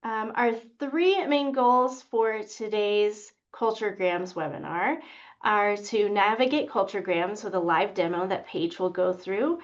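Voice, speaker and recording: A woman's voice: medium pitch, a little slow. Playful woman presenting a webinar. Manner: playful and reassuring. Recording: dull lo-fi webinar audio.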